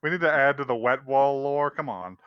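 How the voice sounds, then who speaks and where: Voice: medium pitch, brisk, clear, resonant tone, no room sound, muffled recording. A podcast co-host chatting casually and teasing the others. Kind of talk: casual chat.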